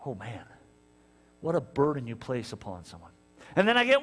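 A man's voice: medium pitch, normal speed, long pauses, big-room sound, faint music behind. A male pastor preaching a sermon, telling stories and acting out both sides of conversations. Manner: animated storytelling, acts out conversations. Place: church sanctuary.

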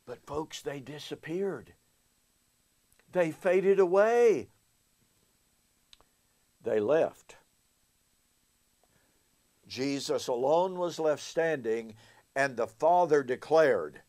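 Male Bible teacher, high voice, unhurried delivery, emphatic, leans on rhetorical questions. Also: big pitch swings, a little mellow.

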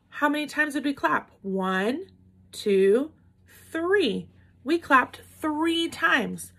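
A woman teacher speaking slowly and patiently to young children, drawing out each word as she counts its parts. Her fairly high voice has a gravelly, slightly husky edge. She keeps praising and coaxing her listeners along. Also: pushed and bright. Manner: slow, patient, encouraging, claps out words syllable by syllable. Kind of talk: classroom lesson for young children.

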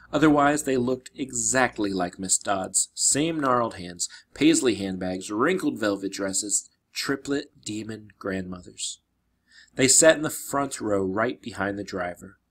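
A man reading a children's adventure novel aloud, narrating expressively with dramatic slowdowns. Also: on the low side, a bit bright, breathy edge. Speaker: reader. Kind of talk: storybook read-aloud.

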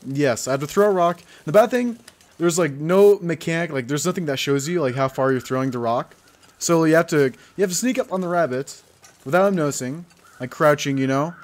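A young man hosting a let's play, rambling and self-mocking as he talks over his game, jumpy and easily excited. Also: fairly high pitch. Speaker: gaming channel host.

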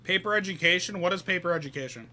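High, bright-voiced male game streamer. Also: fast talker, a little hiss or hum. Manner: chatty, greets viewers by name, thinks aloud while playing. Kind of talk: casual live-stream commentary.

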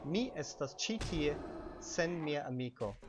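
A man teaching vocabulary in a casual, chatty way while playing a game at home, repeating each word slowly for learners, a little hoarse from a cold. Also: on the high side, music in the background. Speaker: language teacher. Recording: steady background noise.

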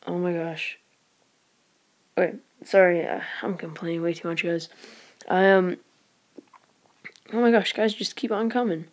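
A woman giving live gameplay commentary as a channel host, excitable and rambling, with frequent exclamations and whispered asides. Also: lowish voice, a little slow, long pauses.

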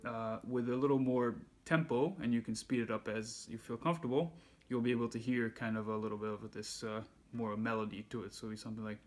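A man with an ordinary middle pitch teaches a casual music lesson. He talks in a relaxed way and counts the beats aloud as he goes. Soft handpan notes ring faintly behind his voice. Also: quick pace. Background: handpan playing.

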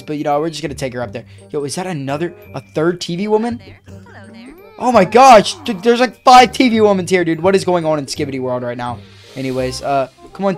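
A woman narrating a game role-play casually, in an excitable, slangy way, often yelling in alarm. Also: deep voice. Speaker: gaming video creator.

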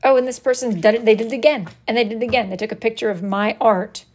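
A woman's voice: fairly high pitch, fairly even intonation, quick pace, a little mellow. Dry, sarcastic woman hosting a live stream. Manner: dry, sarcastic, mock-scolding. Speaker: wood-burning artist hosting a live stream. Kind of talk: casual live-stream chat, reading viewer messages aloud.

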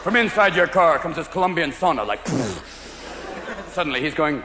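A man's voice: fairly high pitch, expressive, fairly quick, very noisy. A man doing a stand-up comedy routine in a manic style, jumping between silly character voices. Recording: echoey live hall recording, roaring crowd. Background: audience laughing loudly.

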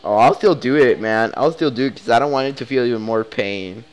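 A man's voice: mid-range voice, brisk. A young man giving casual, emotional commentary over a video game, rambling and exclaiming often. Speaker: let's play gamer.

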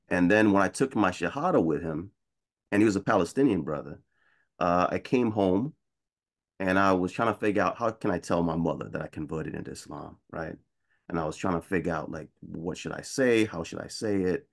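Man, very low voice, casual storytelling, keeps saying right, video call. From United States. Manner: conversational storytelling, often adds "right?". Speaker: panelist. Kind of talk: personal story on a panel.

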